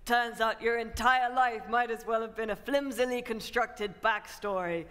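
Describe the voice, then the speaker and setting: A woman's voice: on the high side, fairly even intonation, normal speed, a bit bright, lightly acted. A woman playing a pompous, muddled male tycoon in a live comedy reading. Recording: echoey hall at a live event.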